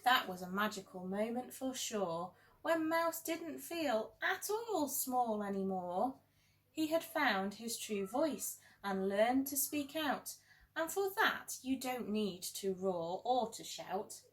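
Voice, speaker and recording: Her voice is a little high, animated and slow as this teacher reads a rhyming picture book to her audience. The telling is gentle and sing-song, with playful emphasis.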